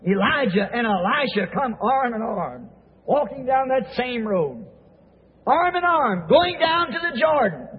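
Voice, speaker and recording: High husky preacher telling a story. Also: male voice. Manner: dramatic storytelling with restarts. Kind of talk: storytelling sermon. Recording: tinny echoey old hall recording.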